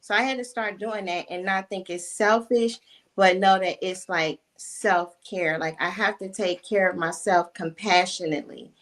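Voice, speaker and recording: A woman's voice: medium pitch, steady tone, normal speed, fairly bright tone. An earnest woman recounting her own experience during a casual group talk. She speaks reflectively and conversationally, asking herself questions aloud. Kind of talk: personal testimony in a casual discussion.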